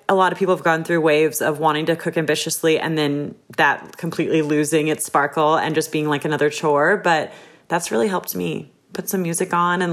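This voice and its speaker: Woman podcast guest, lowish voice, reflective and casual. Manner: reflective, casual, many fillers.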